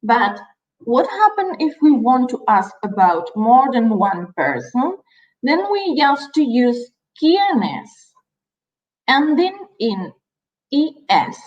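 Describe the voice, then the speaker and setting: A woman teaching a language lesson, repeating each word slowly and carefully for learners. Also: high voice, sing-song, echoey room, dull audio. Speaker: Spanish teacher.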